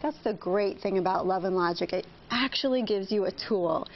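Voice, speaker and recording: A woman's voice: medium pitch, moderate pace. A woman guest on a TV talk show, explaining parenting techniques in an upbeat way. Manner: upbeat, explains with acted example phrases. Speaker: parenting workshop instructor. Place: TV studio. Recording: slightly dull TV audio with faint hiss.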